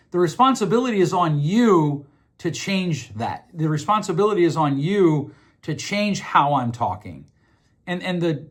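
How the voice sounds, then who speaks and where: A podcast host delivers a casual explanatory monologue in a slightly high, husky male voice. He speaks conversationally, repeating words while he thinks and acting out the voices he quotes.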